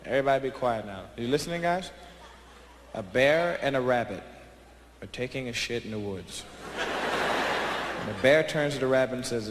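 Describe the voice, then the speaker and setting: A male stand-up comedian talking loudly and crudely straight to the crowd on a club stage. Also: mid-range voice, lively intonation, moderate pace, long pauses. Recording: echoey live venue with crowd noise.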